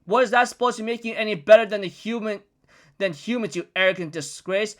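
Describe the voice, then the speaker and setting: A man's voice: high-pitched, fairly quick, voice pushed up, natural voice. A man reading the lines of a fierce, proud young giant woman in a heated, scolding tone. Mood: furious.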